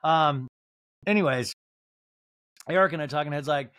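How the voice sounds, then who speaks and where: A man's voice: fairly high pitch, moderate pace, a bit bright, dry recording, clean studio sound. A man hosting a podcast, giving a rambling, comedic recap of a reality show with lots of fillers like "like". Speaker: podcast host.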